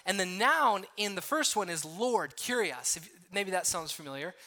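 A man's voice: high voice, animated, normal speed, bright, forceful tone. A man preaching a sermon, explaining a passage word by word with frequent restarts and asides. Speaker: pastor.

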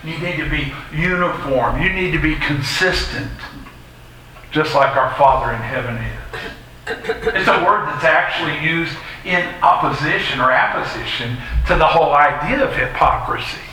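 A man's voice: on the high side, moderate pace, bright, forceful tone, slight background noise. A middle-aged man preaching a sermon in a church, folksy and conversational with personal asides. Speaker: pastor. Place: church sanctuary. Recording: echoey church hall, faint ambience.

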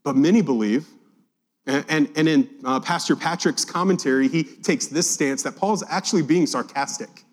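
A man's voice: on the high side, moderate pace. A man preaching a Bible-teaching sermon, reading scripture aloud and acting out the quotes with animation. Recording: long hall reverb.

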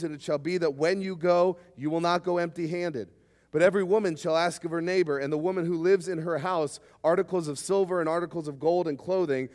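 A man preaching a sermon, emphatic and lively, sometimes acting out short quoted voices. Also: fairly high pitch. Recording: hall reverb.

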